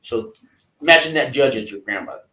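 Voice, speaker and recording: A man hosting a casual chat, giving rambling advice with many halting restarts and fillers. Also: medium pitch, lively intonation, bright, forceful tone, roomy sound, low-quality recording. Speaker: host coaching a guest.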